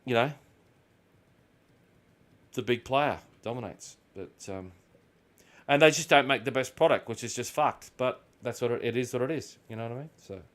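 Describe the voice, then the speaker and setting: A man's voice: mid-range voice, normal speed, pauses often. An Australian man chatting casually while gaming, rambling through stories and swearing freely. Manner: rambling, swears freely, tells animated anecdotes. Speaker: gaming video host.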